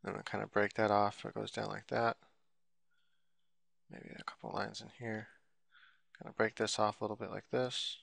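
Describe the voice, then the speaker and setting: A man's voice: on the low side, level tone, moderate pace, creaky, pauses often, a bit bright, dry recording. A man giving a casual, rambling drawing tutorial while he works on screen, full of fillers and loose explanations. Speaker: drawing instructor.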